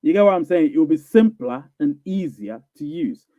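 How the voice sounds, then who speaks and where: On a live Q&A stream, a man with a slightly high, expressive voice reads viewer comments at a normal pace. He answers emphatically, repeats phrases, and keeps asking "you get what I'm saying?" The audio is thin and phone-like, with no room sound.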